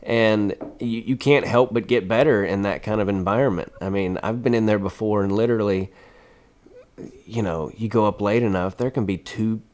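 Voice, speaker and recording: A man's voice: lowish voice, normal speed, a little mellow. A man, a stand-up comedian, telling loose stories in casual chat, laughing and swearing as he rambles. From United States. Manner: rambling, laughing, swears often, many restarts.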